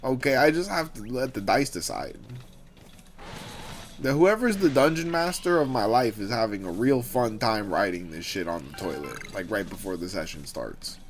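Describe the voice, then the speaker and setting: A young man hosting a gaming livestream, talking casually and telling rambling, animated stories with swearing. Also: lowish voice, moderate pace, soft background music. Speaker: streamer host.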